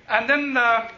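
A man leads a Bible class with a very high, bright voice, animated and joking as he quizzes the room. The recording is dull and lo-fi. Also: a little hiss or hum. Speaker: Bible study teacher. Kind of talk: interactive class teaching. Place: classroom with a group.

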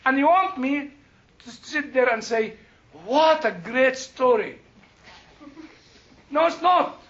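A man's voice: very high voice, a little slow, dull audio. An older man teaching a Bible class, telling a story with laughter and emphatic outbursts. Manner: animated, laughing, rising to emphatic bursts.

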